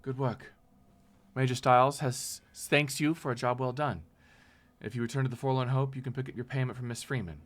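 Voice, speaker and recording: A man voicing a brisk female military lieutenant who gives a measured, formal briefing. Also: medium pitch, steady tone, lightly acted.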